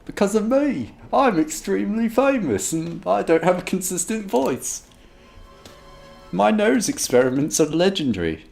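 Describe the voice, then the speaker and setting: A boastful, boisterous adult wizard who clowns for the kids, put on by a man reading a play. He talks loud and hammy, his voice leaping up and down, with faint music humming along behind. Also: sits high, big pitch swings, measured pace, creaky, pitched above the performer's own voice, exaggerated voice.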